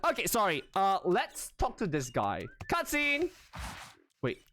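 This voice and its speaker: A young man livestreaming in a casual, rambling chat, excitable, often laughing and squealing, with lots of restarts. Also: high-pitched, measured pace, slight background noise. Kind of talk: casual live-stream chat.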